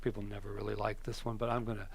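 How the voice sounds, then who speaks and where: A man giving a sermon as a minister, telling stories in a conversational, animated way with hesitations and restarts. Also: lowish voice, rapid-fire, gravelly, crowd noise. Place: church.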